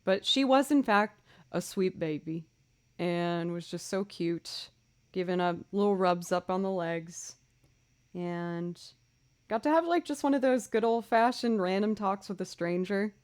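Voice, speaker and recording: A woman's voice: medium pitch, a little slow. Young woman, streamer, chatty and bubbly, casual livestream talk. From Boston area. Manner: chatty, bubbly, excited greetings to chat. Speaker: streamer and musician.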